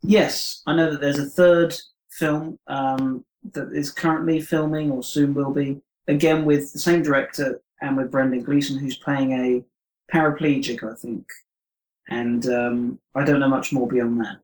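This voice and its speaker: A man as a podcast guest in casual film discussion, speaking in a polite, measured, slightly tentative way. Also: mid-range voice, fairly even intonation. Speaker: podcast guest, former co-host. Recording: roomy echo.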